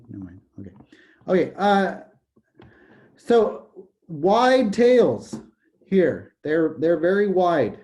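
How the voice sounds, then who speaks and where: Give me a man lecturing on statistics with a raised, mellow voice, throwing in jokes. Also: high voice, big pitch swings, takes it slowly. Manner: jokey, digressive, repeats "okay". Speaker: college math professor.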